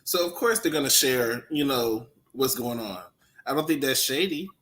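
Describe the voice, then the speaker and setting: A man co-hosting a casual chat show, reasoning through his points in a relaxed, conversational way. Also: mid-range voice, moderate pace. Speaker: co-host.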